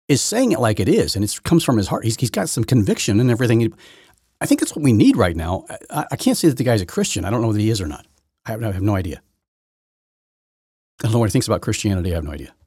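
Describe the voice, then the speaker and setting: A man's voice: medium pitch, a little mellow, husky, no room sound, studio quality. A man hosting his own podcast, giving rambling, opinionated solo commentary full of restarts and repeated words. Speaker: podcast host.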